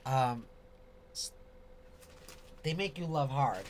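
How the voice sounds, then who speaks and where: A man with a mid-range voice hosts a casual live Q&A, answering viewer questions in a rambling, openly expressive way. A faint hiss of background noise sits under his speech. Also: mid-range voice, measured pace, long pauses.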